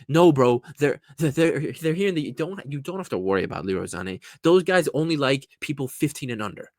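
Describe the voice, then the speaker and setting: A man's voice: mid-range voice, expressive, fast, few pauses, no room sound, studio quality. A man from California, ranting crudely and mockingly as a football reaction vlogger at home. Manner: profane, mocking, blunt.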